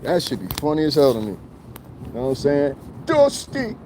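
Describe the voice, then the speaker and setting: A man's voice: mid-range voice, fairly quick, mellow, slight background noise. A man livestreaming outdoors by a street, ranting to his viewers in a mocking, confrontational way and laughing often. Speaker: livestreaming vlogger. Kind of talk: casual livestream rant to viewers.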